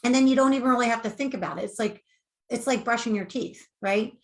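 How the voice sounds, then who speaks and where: A woman coach giving earnest, animated advice in a conversational interview. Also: on the high side, fast. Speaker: weight-loss coach.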